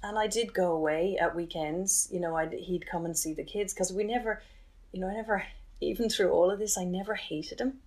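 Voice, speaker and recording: Woman, 40s, telling her story in an interview, stops and restarts a lot, voice on the low side. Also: fairly even intonation, a little mellow. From Ireland. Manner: candid, halting, emotional retelling with many restarts. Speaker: interview guest. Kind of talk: personal storytelling.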